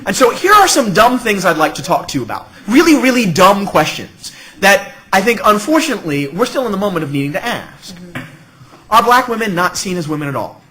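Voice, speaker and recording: A man's voice: sits high, very animated, a little fast, bright, forceful tone, rough recording. A middle-aged man speaking on an academic panel, witty and emphatic, often checking in with "okay?" and "right?". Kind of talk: academic conference talk.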